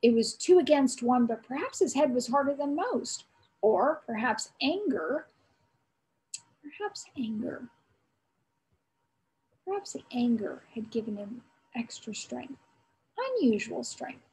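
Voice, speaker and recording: Brief: an aunt reading a children's chapter book aloud, high bright voice, storytelling pace. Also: female voice, lively intonation, rough recording. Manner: storytelling, pausing to quiz listeners.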